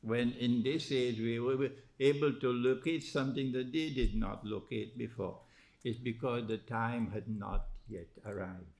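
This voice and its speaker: A man giving an animated religious lecture as an Islamic lecturer. He poses rhetorical questions and prods his listeners with "huh?". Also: medium pitch, a little slow.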